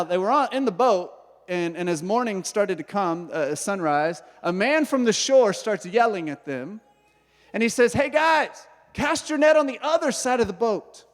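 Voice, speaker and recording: Pastor preaching in a reverberant hall. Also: male voice, fairly high pitch. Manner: storytelling, animated, voices characters' thoughts. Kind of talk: sermon. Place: church hall.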